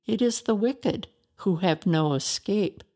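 A woman reading a harsh, scolding friend in a storybook, slow and condemning. A gravelly fry edges the voice. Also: mid-range voice, expressive, mellow.

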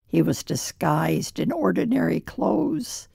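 A woman narrating a scripted story in a measured, solemn reading. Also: lowish voice, very animated, creaky, mellow, breathy edge, dry recording, studio quality.

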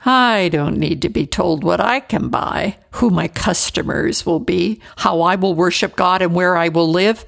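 A woman's voice: on the low side, unhurried, creaky, few pauses. A woman voicing an angry male colonial merchant in a story reading, speaking with indignant emphasis.

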